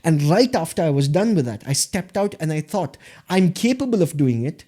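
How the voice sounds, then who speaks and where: A man, a guest in a casual interview, telling animated stories about his start. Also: fairly high pitch, moderate pace. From India. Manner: animated storytelling, acts out quoted voices. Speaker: guest, beatboxer and MC.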